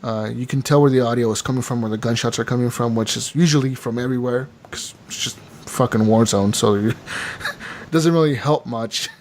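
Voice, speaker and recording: A man co-hosting a gaming podcast, chatting casually and excitedly, swearing freely and calling people "dude" and "man.". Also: medium pitch, fairly quick, a little hiss or hum. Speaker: podcast co-host.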